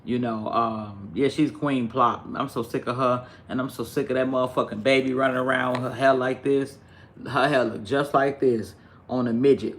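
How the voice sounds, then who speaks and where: A man's voice: mid-range voice, a bit bright, slight background noise. A man, ranting profanely and animatedly to his livestream viewers. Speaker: live streamer.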